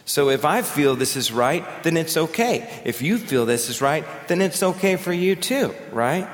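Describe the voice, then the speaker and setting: A man's voice: fairly high pitch, animated, normal speed, a little hiss or hum. A man preaching a sermon as pastor, talking in a conversational way and telling stories. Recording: echoey hall with long reverb.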